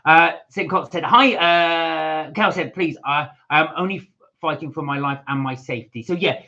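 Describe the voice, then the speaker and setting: A man's voice: fairly high pitch, steady tone, moderate pace, sharp tone, lo-fi sound. A man co-hosting a live stream, reading out viewer comments and chatting casually, with lots of hesitant fillers. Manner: rambling, hesitant with many fillers. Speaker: channel co-host.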